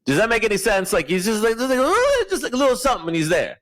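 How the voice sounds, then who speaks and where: Animated man riffing a deadpan comedy bit. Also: sits high. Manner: rambling, halting, laughs at own jokes. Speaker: podcast guest.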